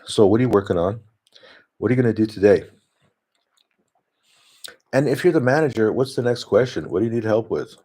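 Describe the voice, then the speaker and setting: A man's voice: lowish voice, lively intonation, fairly quick, pauses often, warm tone, husky. A man talking in a rambling, casual monologue, often laughing and restarting his sentences. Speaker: vlogger. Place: home, talking to his dog.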